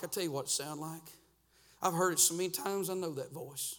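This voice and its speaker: A middle-aged man preaching a revival sermon and altar call in a church, swinging from loud, fervent rhythmic urging to hushed near-whispers. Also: fairly high pitch, fairly quick. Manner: fervent, rhythmic preaching with sudden soft drops. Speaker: pastor. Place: church sanctuary.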